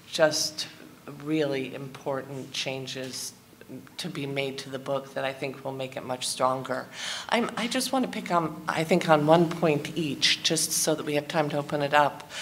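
Low-voiced woman at an academic seminar. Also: slight background noise. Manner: earnest, restarts often. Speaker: seminar speaker. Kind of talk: academic panel discussion.

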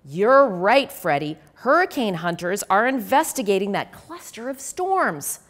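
A woman's voice: medium pitch, big pitch swings, measured pace. A woman voicing a grown-up female frog weather reporter in a storybook, with an announcer-like delivery. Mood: upbeat.

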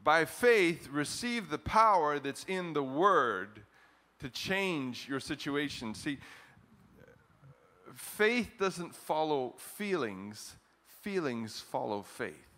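A middle-aged man preaching a sermon as pastor to his congregation, animated, often chuckling, with his voice jumping up for emphasis. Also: on the high side. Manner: chants a scripture refrain slowly, leading the congregation. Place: church service in front of a congregation.

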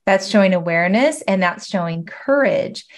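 A woman coach offers encouragement over a video call. She speaks earnestly, in long flowing thoughts, with an average pitch. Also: animated, moderate pace.

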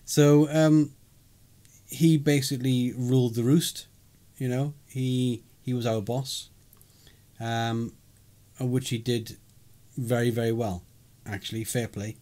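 A man's voice: mid-range voice, fairly even intonation, slow, mellow. A man co-hosting a podcast, recapping a live role-play event in casual chat, rambling and chuckling with many fillers. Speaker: podcast co-host.

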